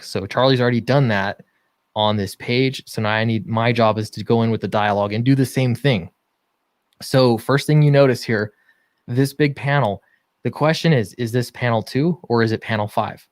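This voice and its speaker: A man co-hosting a relaxed livestream, walking through his comic script with eager energy and plenty of fillers. His voice sits at an ordinary pitch for a man, and the sound is close and dry with no room echo. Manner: enthusiastic explaining with many fillers. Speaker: comic book writer and co-host. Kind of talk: casual livestream chat.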